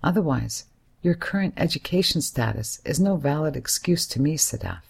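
A man's voice: a little high, lively intonation, moderate pace, gravelly, husky, full character voice. A woman reading as a hesitant earnest young man. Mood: pleading. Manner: hesitant yet serious, soothing.

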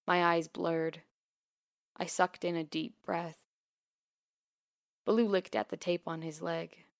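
Low, gravelly woman reading a memoir. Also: little pitch movement, dry recording, studio quality. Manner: quiet, measured, intimate. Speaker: narrator. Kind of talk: first-person memoir reading.

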